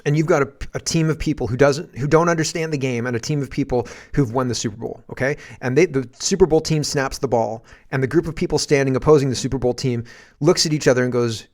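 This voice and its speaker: A man with a Canadian accent hosting a casual political commentary podcast, rambling and animated, breaking into shouts when he acts out scenes. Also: medium pitch. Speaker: podcast host.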